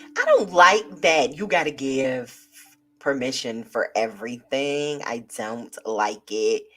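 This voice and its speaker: A woman hosting a live tarot stream, chatting casually and lively with her viewers. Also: very deep voice, slow. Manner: lively, chatty, talks to viewers as y'all and child.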